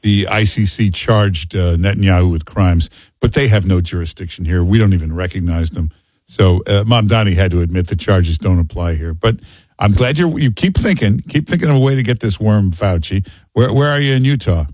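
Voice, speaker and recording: Male radio host, blunt and sarcastic, husky and dry. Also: sits low, fairly quick, a little mellow, no room sound. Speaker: radio talk show host. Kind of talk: call-in talk radio.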